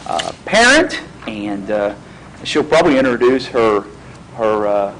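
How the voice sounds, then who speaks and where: A man with a fairly low voice introduces a guest at a school board meeting. He speaks haltingly, with many fillers and restarts. Faint room noise hums underneath. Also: very animated, fairly bright tone, poor audio.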